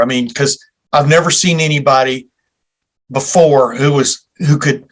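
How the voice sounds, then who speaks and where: A man's voice: medium pitch, steady tone, unhurried. A man hosting a sports podcast, chatting casually and dropping facetious asides. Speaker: podcast host.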